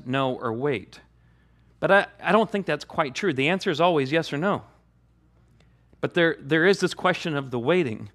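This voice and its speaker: A man's voice: fairly high pitch, a bit bright. A male pastor preaching a sermon, repeating key phrases for emphasis.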